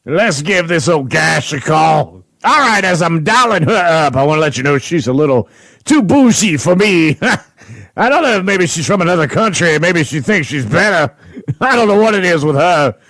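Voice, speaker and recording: A man's voice: on the high side, lively intonation, moderate pace, fairly bright tone, dry recording, rough recording. A man hosting a radio show, doing a rowdy prank-call bit and laughing a lot as he mocks a coworker. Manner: mocking, laughs often. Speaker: radio host. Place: radio studio.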